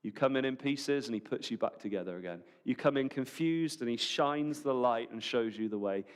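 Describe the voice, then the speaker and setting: Man preaching with a smooth voice. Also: medium pitch, normal speed. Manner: conversational, animated preaching with rhetorical questions. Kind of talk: sermon. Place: church service.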